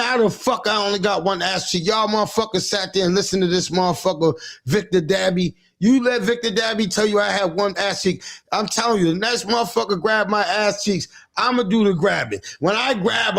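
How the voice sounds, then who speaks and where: A man's voice: high-pitched, vocal fry, a bit bright. A man hosting a livestream, telling rambling, profane, teasing comic stories in casual chat. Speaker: livestream host.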